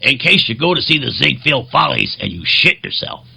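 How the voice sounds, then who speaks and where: A man voicing his blunt old grandfather, who gives advice in a deadpan, matter-of-fact way. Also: mid-range voice, moderate pace, gravelly, breathy edge, heavily acted.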